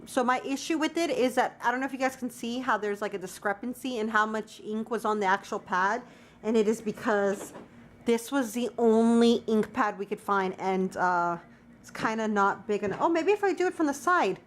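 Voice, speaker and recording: A woman's voice: fairly high pitch, normal speed. Chatty young woman vlogging. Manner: chatty, lots of "like" fillers. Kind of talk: casual daily vlog.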